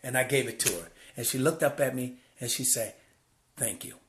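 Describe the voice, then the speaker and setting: A man sharing a personal testimony in a vlog, an animated, preacherly storyteller who repeats phrases for emphasis. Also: medium pitch, moderate pace, a little hiss or hum. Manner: preacherly, heartfelt. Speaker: church volunteer sharing his story.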